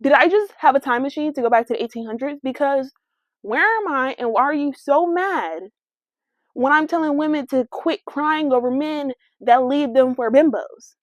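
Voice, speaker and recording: A young adult woman hosting a casual solo podcast, talking in a brash, sassy, slangy and animated way. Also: high-pitched, moderate pace, dry recording. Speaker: podcast host. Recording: dry, dull lo-fi sound.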